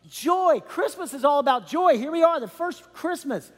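Man, pastor, lively conversational sermon, high voice, long hall reverb. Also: normal speed, few pauses. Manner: animated, conversational preaching with many asides.

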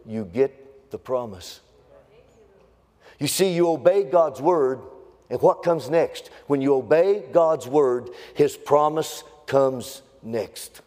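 A man preaching a sermon, building into a fervent, sing-song, near-shouting cadence. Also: medium pitch. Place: church sanctuary. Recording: long reverb in a church hall.

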